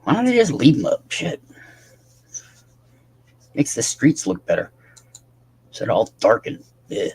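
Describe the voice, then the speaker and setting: Tired husky man chatting on a livestream. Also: mid-range voice, wildly swooping pitch, measured pace, pauses often, darkish tone. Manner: rambling, swears often, talks to chat by name. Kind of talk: casual livestream chat with viewers.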